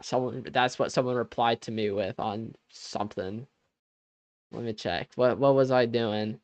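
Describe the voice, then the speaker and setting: A man's voice: medium pitch, sing-song, unhurried, darkish tone, no room sound. A young man hosting a live stream in a loose, laid-back chat, laughing often and losing his train of thought. His voice sits mid-range for a man. It comes across close and dry, with no room sound. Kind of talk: casual chat with stream viewers.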